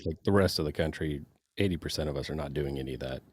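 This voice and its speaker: A man's voice: a bass voice, quick pace, no echo, studio quality. A man co-hosting a podcast, speaking bluntly in casual chat with short firm interjections. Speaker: podcast co-host, pastor, business owner.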